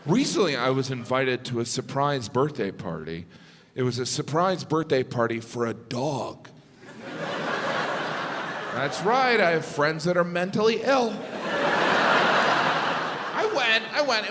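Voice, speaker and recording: A man's voice: on the high side, expressive, unhurried, long pauses, very noisy. A male stand-up comedian on stage, with a wry, exasperated observational delivery into a handheld mic. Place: live venue on stage. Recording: echoey hall with loud ambience.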